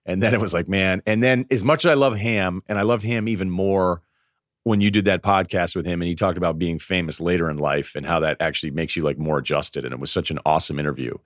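Deep-voiced man in podcast banter. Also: fast, no echo, clean studio sound. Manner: animated storyteller acting out quotes. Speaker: podcast guest. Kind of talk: casual sports podcast chat.

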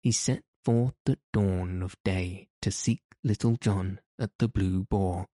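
A man narrates an old tale with measured, even storytelling. His voice is low and mellow, and the reading is slow and flat with little rise and fall. The recording is close and dry. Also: no room sound. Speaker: audiobook reader. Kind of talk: scripted narration.

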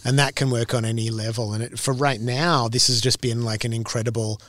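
A singer-songwriter chats loosely in an interview, often stopping and restarting mid-thought. The recording is close and dry with no room sound. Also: male voice, mid-range voice, fairly even intonation, a little fast, a bit bright, no room sound. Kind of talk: casual interview answers.

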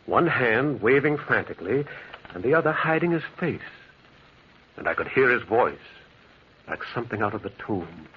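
A man's voice: medium pitch, sing-song, normal speed, long pauses, slight background noise, close to an everyday voice. An actor playing a railwayman who narrates his eerie encounter with an urgent, dramatic delivery, in 1940s radio-drama style on a dull old recording. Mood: tense narrating. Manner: urgent, tense, dramatic storytelling.

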